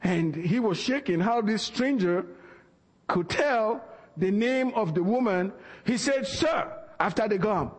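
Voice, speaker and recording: Male preacher, high pitch, animated storyteller, recorded in an echoing church hall. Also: a little slow. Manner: animated storyteller acting out dialogue. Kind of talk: sermon storytelling. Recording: long reverb of a large hall.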